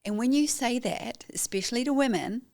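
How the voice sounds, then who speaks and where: As a guest on a podcast interview, a middle-aged photographer and educator from New Zealand recounts her story with emphasis and animation, acting out quotes of what she told people. Her voice is a little high and creaky, and she talks a little fast.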